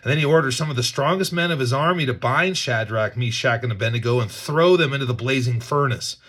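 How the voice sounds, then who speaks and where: A man's voice: mid-range voice, quick pace, fairly bright tone. A man reading scripture with commentary, earnest and emphatic, often repeating words as he thinks aloud. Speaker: Bible teacher.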